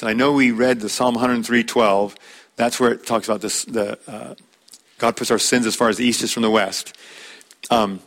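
A man preaches a sermon at a middle pitch, talking plainly and conversationally, as if teaching. He slows down to press home key points and quotes scripture along the way. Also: fairly bright tone.

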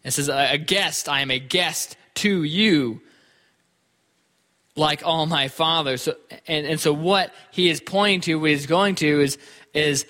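A man delivers an earnest sermon, restarting and repeating words as he works through his point. His voice is bright and sits a little high. The sound carries a long reverb, as from a large hall. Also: steady tone, normal speed. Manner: earnest, repeats words while thinking aloud. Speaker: preacher.

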